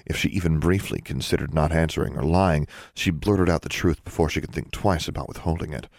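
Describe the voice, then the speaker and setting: A man narrating an audiobook in a steady, even reading voice. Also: rumbling low, a little fast, no room sound, studio quality.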